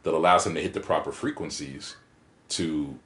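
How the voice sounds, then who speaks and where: A man with a very low voice tells stories in an interview, lively and vivid as he acts out rhythms and quotes. The room is roomy and echoey around him. He speaks as a guest poet in casual conversation. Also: normal speed. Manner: animated storyteller who acts out rhythms and quotes. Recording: roomy echo.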